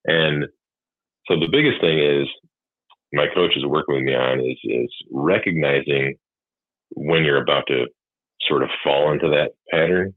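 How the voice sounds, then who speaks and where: A man's voice: very deep voice, measured pace, long pauses, dry recording. A man talking candidly about being a father, rambling and swearing freely. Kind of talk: casual chat. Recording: husky tinny phone-like line, dry.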